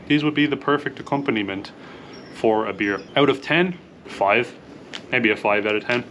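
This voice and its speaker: Young irish man, vlog host, bright clear voice, upbeat, casual snack reviews. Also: medium pitch, lively intonation, normal speed, a little hiss or hum. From Ireland. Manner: upbeat, rates food out of ten.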